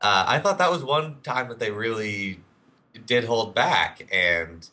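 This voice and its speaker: A man's voice: fairly low pitch, expressive, unhurried, bright, forceful tone. A man co-hosting a casual podcast, talking about movies with enthusiasm and lots of fillers. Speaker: podcast co-host. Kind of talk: casual film discussion.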